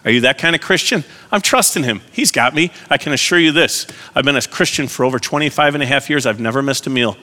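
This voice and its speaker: A man's voice: mid-range voice, quick pace, hardly any pauses, bright, forceful tone, big-room sound. A man preaching a sermon as pastor, earnest, putting direct questions to his congregation.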